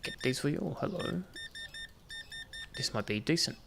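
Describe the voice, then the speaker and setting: A man's voice: on the high side, animated, moderate pace, creaky, noisy background. A man giving casual, jokey commentary while playing a game, bantering with the customers on screen. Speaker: gaming video host.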